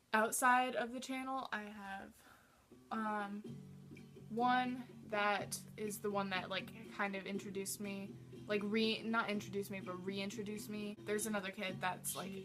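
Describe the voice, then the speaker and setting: A teenage girl chats through a question tag at a mid-range pitch, wandering off mid-sentence and leaning on likes and ums. Music plays clearly underneath her voice. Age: teens. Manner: rambling, many likes and ums. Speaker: vlogger. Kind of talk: casual tag-question vlog.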